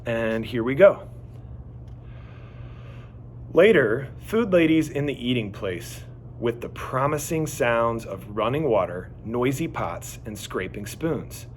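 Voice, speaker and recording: A man reading a children's chapter book aloud with animated, expressive storytelling. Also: mid-range voice, slow pace, a little hiss or hum. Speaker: reader.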